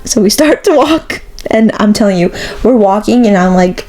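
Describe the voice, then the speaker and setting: A woman's voice: mid-range voice, expressive, normal speed, few pauses, a little mellow, rough recording. A young woman co-hosting a casual podcast, telling a story with frequent laughs, likes and restarts. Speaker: podcast co-host. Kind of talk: casual chat.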